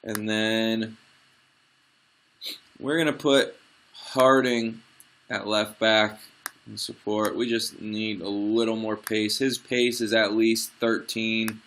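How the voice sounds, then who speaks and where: Bright-voiced young man calling a football game. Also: fairly low pitch, slow, pauses often. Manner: excitable, frustrated, swings from play-by-play to grumbling asides. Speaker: gamer commentating his own football management match. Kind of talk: let's play commentary.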